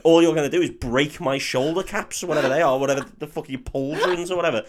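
A man, co-hosting a podcast and telling lively, laughing anecdotes full of swearing. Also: on the high side, fast talker. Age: 30s. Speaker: podcast co-host. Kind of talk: casual chat.

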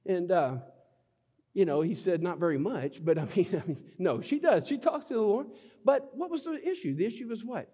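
A middle-aged man preaching a sermon in a lively, joking way, breaking into sudden shouts. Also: high-pitched, normal speed, husky. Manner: animated, jokey preaching with laughs and sudden shouts. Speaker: pastor. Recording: long hall reverb.

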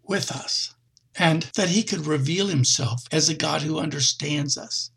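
Gravelly husky male preacher. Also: fairly high pitch, a little slow, a bit bright. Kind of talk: sermon.

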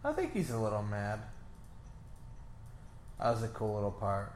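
A man's voice: lowish voice, huge pitch swings, darkish tone. A man chatting playfully and giggling while watching a movie with a friend. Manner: giggly, playful, drawn-out delivery. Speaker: co-viewer reacting to a movie. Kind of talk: casual chat. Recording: roomy sound with faint background noise.

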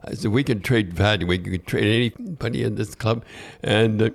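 A man's voice: fairly low pitch, moderate pace, gravelly. Older man telling rambling stories. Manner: rambling anecdotes with many restarts. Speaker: podcast host. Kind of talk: casual storytelling chat.

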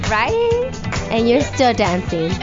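A woman co-hosting a rowdy talk show, excitable and laughing along. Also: a little high, takes it slowly, dull audio. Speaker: co-host. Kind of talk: rowdy casual chat. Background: loud music.

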